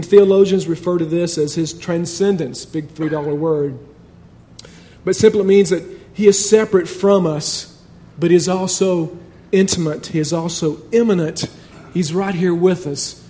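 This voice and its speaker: A man's voice: sits high, steady tone, moderate pace, warm tone. A man preaching a sermon in a conversational but emphatic way, building points through repetition.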